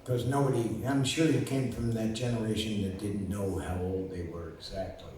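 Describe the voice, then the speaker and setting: A man's voice: lowish voice, fairly even intonation, moderate pace, a little mellow. Older man spinning rambling stories in an echoey room. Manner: rambling, with many fillers and restarts. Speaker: lawyer and guest. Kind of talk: casual storytelling. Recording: roomy distant recording with faint noise.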